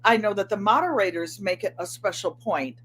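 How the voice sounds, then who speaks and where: A woman's voice: mid-range voice, animated, fairly quick, fairly bright tone, a little hiss or hum. An older woman hosting a live stream, chatting casually and greeting viewers by name. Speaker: channel host.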